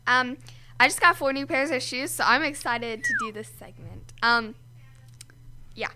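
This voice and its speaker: A woman's voice: sits high, measured pace, background noise. A teenage girl co-hosting a kids' radio show, chatting casually and giggling often. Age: teens. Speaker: co-host.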